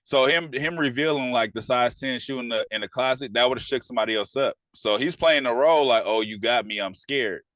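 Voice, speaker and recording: Guy cohosting a tv review podcast, mid-pitch voice, acts out the scenes, cusses a lot, dry close sound. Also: fairly quick, hardly any pauses, no room sound. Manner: animated retelling, acting out characters' lines; profane, loose slang. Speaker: podcast co-host. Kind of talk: casual TV review chat.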